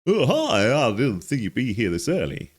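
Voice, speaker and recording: A man's voice: medium pitch, wildly swooping pitch, normal speed, voice pushed up. A man voicing a scatterbrained, apologetic young male office intern while reading game dialogue aloud. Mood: flustered. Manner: apologetic, flustered.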